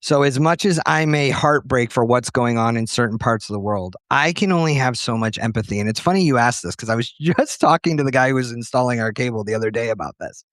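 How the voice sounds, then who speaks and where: A man's voice: mid-range voice, fast talker, few pauses, a bit bright, no room sound, clean studio sound. A man talking earnestly and reflectively in a casual conversation as a writer guest, telling stories from his life. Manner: earnest, reflective, tells anecdotes with quoted voices.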